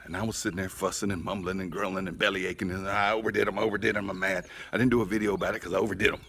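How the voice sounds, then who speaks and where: A man's voice: low-pitched, a bit bright, slight background noise. A middle-aged man, telling a rambling story casually in his barbecue vlog, outdoors by his smoker. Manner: folksy, rambling, chatty storyteller. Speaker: barbecue channel host.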